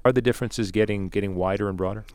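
A man's voice: fairly low pitch, steady tone, rapid-fire, darkish tone, smooth, no room sound. A man interviewing a guest, asking short curious questions.

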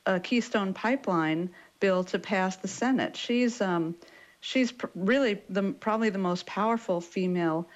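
A woman newspaper correspondent explaining politics in a radio news interview, measured and explanatory with some fillers. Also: mid-range voice, lo-fi sound.

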